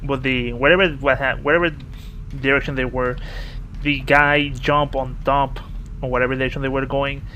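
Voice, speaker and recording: A man giving casual let's-play commentary, telling a story in a halting, rambling way with many restarts. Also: medium pitch, highs cut off. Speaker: gaming video host. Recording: steady game noise behind voice. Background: video game sounds.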